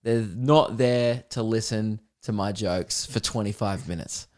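A man's voice: fairly low pitch, measured pace, darkish tone. A man with an Australian accent, hosting a comedy podcast and telling a rambling story while laughing. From Melbourne, Australia.

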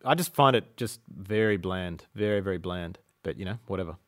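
A man's voice: low-pitched, a little fast, no room sound, clean studio sound. A man hosting a casual podcast chat, blunt and teasing, swearing casually as he gives his opinions. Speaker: podcast host.

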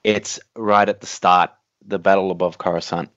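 A man's voice: deep voice, little pitch movement, moderate pace, fairly bright tone, no echo. A man co-hosting a casual podcast chat, talking eagerly. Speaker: podcast co-host. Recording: dull lo-fi, dry room.

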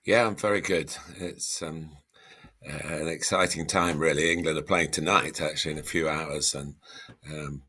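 A man who is a football commentator, talking as a guest in a casual, measured way over a remote line. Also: very deep voice, steady tone, sharp tone, breathy edge. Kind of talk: casual interview chat.

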